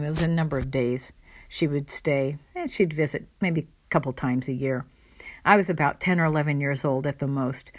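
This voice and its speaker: A woman telling a personal family anecdote with wry, fond humor and playful asides. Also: low voice. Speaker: storyteller.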